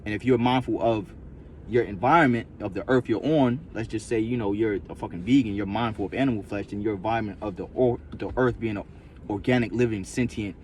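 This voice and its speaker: A man's voice: on the low side, fairly quick, a little mellow, slight background noise. A man vlogging in a casual, rambling monologue, profane and repetitive, full of loose street slang.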